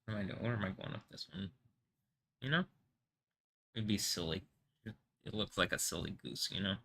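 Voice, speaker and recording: A man's voice: fairly low pitch, a little fast, creaky, pushed and bright. A man hosting his own livestream, rambling casually and laughing at his own jokes. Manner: rambling, self-amused, frequent giggling asides. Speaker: livestream host.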